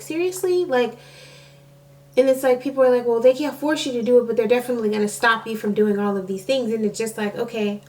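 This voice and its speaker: A woman's voice: on the high side, a little mellow, slight background noise. A young woman, a nursing student and mom, telling a rambling story to camera, full of "like" and restarts. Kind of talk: casual storytime chat to camera. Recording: voice a bit far from the mic.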